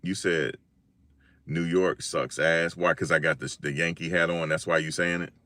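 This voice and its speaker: Deep-voiced man from Virginia, chatting. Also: a little fast. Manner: animated slangy storytelling, acts out quotes. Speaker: live-stream host. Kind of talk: casual live-stream chat.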